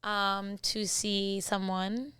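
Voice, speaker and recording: A woman's voice: medium pitch, flat delivery, drawn-out words, fairly bright tone, clean tone, no room sound. A woman co-hosting a podcast, chatting casually in a brash, profane, joking way. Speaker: podcast co-host. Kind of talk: casual chat.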